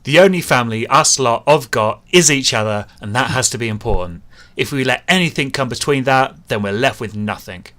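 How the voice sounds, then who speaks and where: Earnest young ninja boy giving a team speech , read by a man, lively and bright, faint music behind. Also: medium pitch, fairly quick. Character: earnest young male ninja leader rallying friends.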